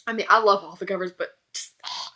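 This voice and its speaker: A woman's voice: medium pitch, steady tone, fairly quick, sharp tone. Gushing young woman reviewing a book. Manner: gushing, rambling fangirl talk. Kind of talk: casual chat.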